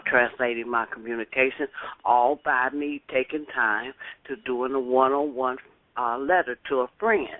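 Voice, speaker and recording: A woman calling into a talk show, speaking earnestly with halting restarts and pressing questions. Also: extremely low pitch, no room sound. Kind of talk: casual talk show chat. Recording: dry tinny phone line.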